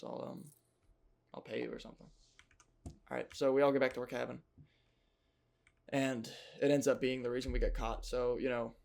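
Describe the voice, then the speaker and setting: A young man tells a rambling childhood tale in a relaxed, self-mocking way. His voice carries a gravelly rasp at mid pitch, and he keeps tossing in jokey asides. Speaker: storyteller. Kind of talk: casual storytelling.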